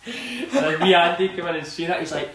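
Fast-talking Scottish man. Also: sits high, animated, a bit bright, reverberant. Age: 30s. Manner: rambling, laughs often, says "do you know what I mean". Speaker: former footballer guest. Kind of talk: casual storytelling.

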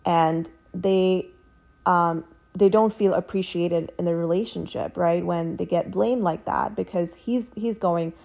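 Chatty woman with a lowish voice. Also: fairly even intonation, a little slow, gravelly, dark tone, lo-fi sound. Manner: conversational, many fillers like "like" and "you know". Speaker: relationship coach. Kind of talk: casual explanatory monologue.

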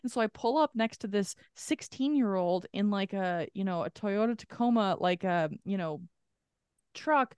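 A woman's voice: mid-range voice, normal speed, darkish tone, clean tone, dry recording. A woman co-hosting a podcast, telling a story in casual chat, swearing freely and acting out the people she quotes. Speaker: podcast co-host.

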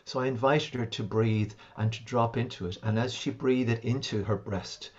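A man, a homeopath and shamanic practitioner, calmly recounting a client's sessions in an interview. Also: medium pitch, normal speed, lo-fi sound. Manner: calm, reflective, recounts sessions at length. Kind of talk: interview storytelling.

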